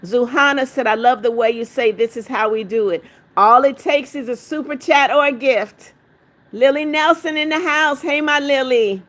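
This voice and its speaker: Hosting a livestream, a woman with a high-pitched voice reads viewers' comments aloud at a normal speed. She affectionately calls them darling and laughs as she counts out their gifts.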